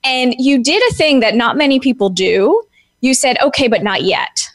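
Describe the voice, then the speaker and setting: A woman's voice: sits high, moderate pace. A woman hosting a podcast conversation, encouraging her guest with frequent affirmations. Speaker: podcast host. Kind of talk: casual chat.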